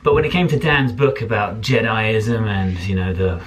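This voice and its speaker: A man's voice: on the low side, moderate pace. A man, host of a casual vlog, joking and sarcastic as he narrates his night. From Isle of Wight, England. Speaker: vlogger and event host.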